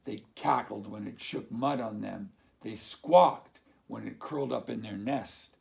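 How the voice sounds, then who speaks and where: A man reading a picture book aloud to children, slow and expressive, as a teacher. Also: on the low side, creaky.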